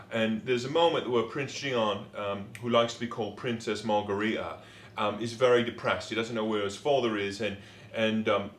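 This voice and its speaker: A man's voice: medium pitch, fairly bright tone, slight background noise. Man, jokey put-on London accent, rambling with lots of ums, echoey kitchen. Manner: rambling, hesitant with many ums, playful. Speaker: novelist cooking a recipe. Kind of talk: casual cooking demonstration.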